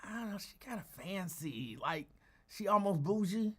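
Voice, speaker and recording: A man hosts a casual live stream and greets viewers one by one. His talk is rambling and full of self-corrections, and now and then it drops to a low mutter. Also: animated, moderate pace. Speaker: host of a live call-in show.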